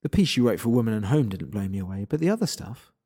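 A man voicing a young woman who speaks in a cool, deadpan way and teases her friend. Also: fairly low pitch, racing, husky. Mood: teasing.

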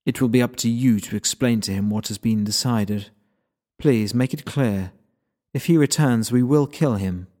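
A stern, formal sorceress , as a male narrator puts her on, who lays down the law in a cool, measured voice. She speaks with unhurried authority. It is a storybook figure read aloud. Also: medium pitch, mellow, close to an everyday voice. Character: stern, formal female magician.

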